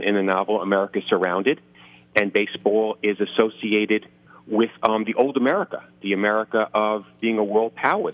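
A middle-aged man from the Bronx with a New York accent, an author chatting casually and self-deprecatingly about his books in an interview, often restarting his sentences. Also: fairly low pitch. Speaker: author guest. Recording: phone-line audio.

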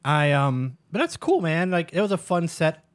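A man's voice: on the high side, very animated, dry recording. Casual, swearing man on a dry mic. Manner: swearing, storytelling, quick to laugh. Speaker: podcast host. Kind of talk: casual chat.

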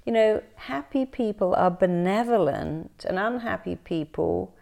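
A woman's voice: mid-range voice, unhurried, vocal fry. A woman therapist chatting in an interview, telling stories animatedly and acting out what people said. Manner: animated storytelling, acts out quoted voices. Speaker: therapist guest. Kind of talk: casual interview chat.

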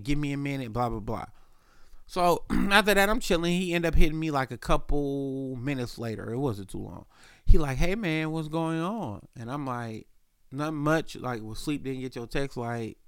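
A man's voice: mid-range voice, no room sound, studio quality. Profane man telling a work story. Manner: loose profane storytelling, voices the boss; clears throat often. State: sick. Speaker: podcast host. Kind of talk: casual storytelling.

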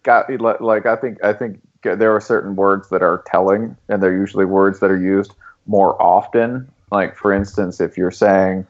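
A man's voice: on the low side, normal speed, highs cut off. A man from Tennessee with a light Southern accent, hosting a podcast in casual chat and laughing often. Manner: laughs often, animated when joking. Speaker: podcast host.

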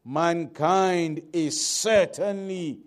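A man teaching a lesson on Quran commentary, repeating key points and reading Arabic quickly before translating it slowly. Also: fairly high pitch. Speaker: Islamic teacher.

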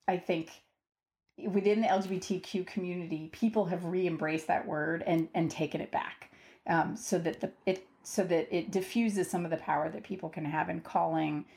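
A woman's voice: lowish voice, steady tone, normal speed, darkish tone. A woman hosting a podcast interview, asking questions thoughtfully and carefully, and laughing easily. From United States. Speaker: podcast host. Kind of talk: conversational interview.

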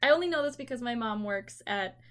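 A young woman with a somewhat high voice tells work stories in relaxed chat. She is animated and slips into the voices of the people she describes. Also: quick pace. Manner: animated storyteller, acts out customers in quotes. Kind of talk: casual chat.

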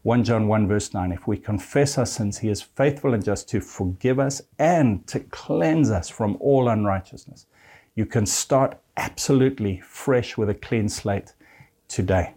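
Male preacher, earnest sermon delivery, lowish mellow voice, speaks straight to the listener. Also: a little slow. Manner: earnest, addresses listeners directly as friend; reads scripture verses aloud.

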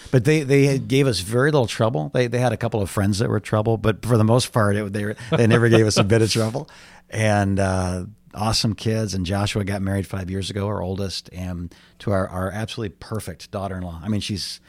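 Deep-voiced pastor telling stories. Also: male voice, fairly quick, no echo. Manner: animated storyteller, jokes. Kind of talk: casual podcast interview.

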